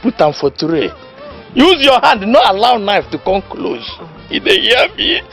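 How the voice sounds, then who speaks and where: An actor with a Nigerian accent playing a boisterous village know-it-all who gives mock lessons and laughs mid-sentence. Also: male voice, high-pitched, sing-song, unhurried, vocal fry, a bit bright, exaggerated voice. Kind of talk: Nollywood comedy film acting. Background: faint background music.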